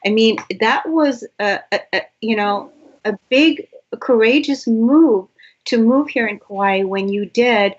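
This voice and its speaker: A woman's voice: a little high, muffled recording. A woman hosting a talk show, reading a glowing introduction and chatting in an emphatic, gushing way. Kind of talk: warm interview introduction.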